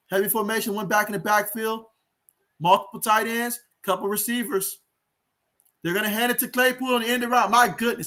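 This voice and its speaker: A man calling a football game play by play on his own livestream, excitable and chatty with his viewers. His voice sits very high for a man. He talks into a home streaming mic. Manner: excitable, talks to viewers, reads out chat comments. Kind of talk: live play-by-play commentary.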